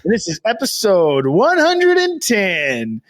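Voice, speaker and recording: A man co-hosting a podcast in casual, excitable chat, swearing freely. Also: high voice, slow. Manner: excitable, swears a lot, jumps into voices. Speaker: podcast co-host. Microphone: video call camera.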